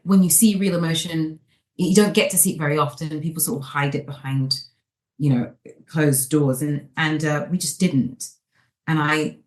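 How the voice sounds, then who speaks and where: A woman's voice: deep voice, roomy sound. A woman guest in a chat interview, speaking earnestly and reassuringly, often repeating herself. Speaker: guest performer.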